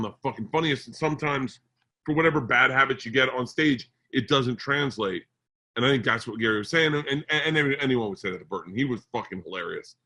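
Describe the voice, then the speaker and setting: A man co-hosting a podcast, telling comedy stories in a rambling, animated, profane way. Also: medium pitch. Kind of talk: casual storytelling chat.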